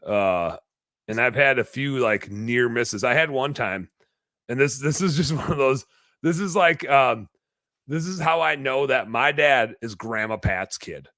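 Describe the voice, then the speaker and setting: Man, young adult, casual storyteller, animated, cursing, dry close mic. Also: medium pitch, unhurried, no room sound. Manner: animated, swears freely, acts out quotes loudly. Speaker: podcast guest.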